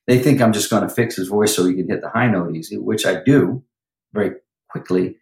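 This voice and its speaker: Animated male vocal coach in a roomy room. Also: fairly low pitch, a little fast. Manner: animated, breaks into sung lines and impressions. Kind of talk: podcast interview talk.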